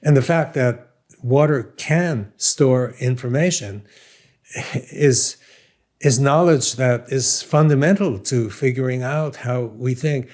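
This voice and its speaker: Older Brooklyn man, unhurried scientist. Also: medium pitch, a little mellow. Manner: thoughtful, self-deprecating, laughs easily. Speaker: scientist guest. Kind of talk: conversational interview.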